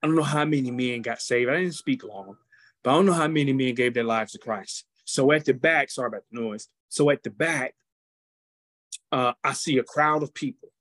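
A man who serves as a football team chaplain, telling a testimony story in an animated, preacherly way and acting out the quotes. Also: mid-range voice, normal speed, no echo.

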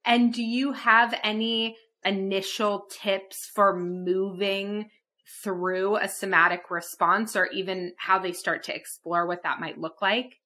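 Bright-voiced woman host asking questions. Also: medium pitch, fairly even intonation, slow. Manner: attentive, thoughtful questions. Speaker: podcast host. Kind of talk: interviewing.

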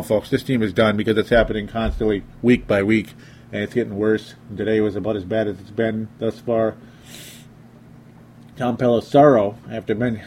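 A man's voice: medium pitch, a little mellow, slight background noise. A young man giving casual, sarcastic sports commentary from home. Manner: exasperated, sarcastic.

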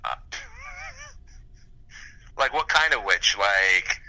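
A man's voice: lowish voice, expressive, extremely slow, pushed and bright. A man chatting casually over a phone call while pacing around, rambling and laughing easily. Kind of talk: casual chat.

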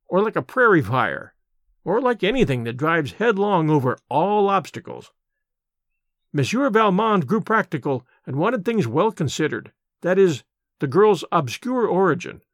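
A man narrating a classic short story in expressive, scripted storytelling, slowing down for vivid imagery. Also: on the high side, no echo, clean studio sound. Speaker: audiobook narrator.

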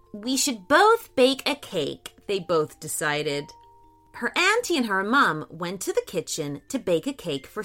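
A woman reads a children's bedtime story aloud in a warm, expressive way. Her voice is bright and lively, and she takes the words slowly. Soft music plays faintly underneath. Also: mid-range voice. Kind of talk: scripted storytelling for kids.

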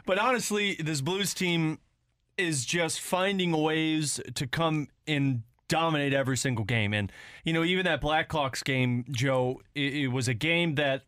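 A man hosting a casual sports talk show, breaking down hockey games in a measured, analytical way. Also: a little high, a bit bright, clear, resonant tone, dry recording, clean studio sound.

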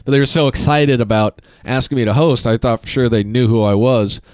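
A man's voice: mid-range voice, fairly quick, no echo. A comedian guest, a man telling stories in casual, profane chat, laughing often. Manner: animated, profane, laughing storyteller.

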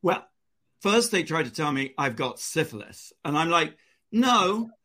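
A man's voice: a little high, normal speed. A man co-hosting a casual chat show, telling a personal story and acting out the quotes. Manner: animated storyteller, acts out quotes. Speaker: co-host.

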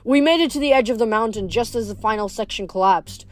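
A woman reading a novel aloud in steady narration, now and then stumbling over a word. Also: on the high side, fairly quick, hardly any pauses, no echo. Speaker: reader.

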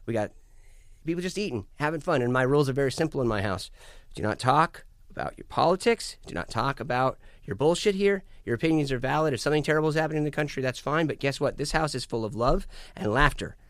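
An American man in casual chat, talking in an animated, profane, ranting way with put-on quotes. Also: mid-range voice, fast talker, no room sound, clean studio sound. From United States. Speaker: guest musician.

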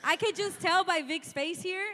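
A woman's voice: very high-pitched, moderate pace, bright, forceful tone, soft background music. A woman co-hosting a live podcast on stage, teasing her co-hosts and laughing as she talks. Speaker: podcast co-host.

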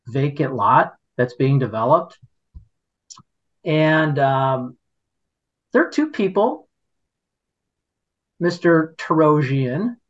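Speaking in a mid-range, slightly bright voice, a middle-aged man appears as a podcast guest, spinning a rambling, indignant story that keeps restarting. It's casual conversational storytelling captured in dull lo-fi sound.

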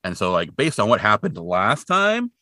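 Animated man retelling a film. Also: normal speed, no echo, clean studio sound. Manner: animated, acts out characters in high put-on voices. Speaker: podcast co-host. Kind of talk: casual chat retelling a film.

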